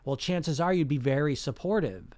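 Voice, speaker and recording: A man's voice: on the high side, normal speed, a little mellow. A man talks through a self-help lesson in an easy, conversational way. He often stops to check in with "okay?" and "right?". His voice sounds dry and close, with no room echo. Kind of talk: explanatory self-help talk.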